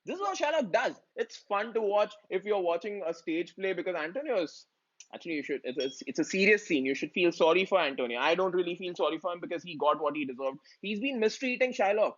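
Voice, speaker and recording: A man's voice: sits high, lively intonation, fast talker, fairly bright tone, lo-fi sound. A man with an Indian English accent teaching a literature lesson in a chatty way, using slang to explain lines.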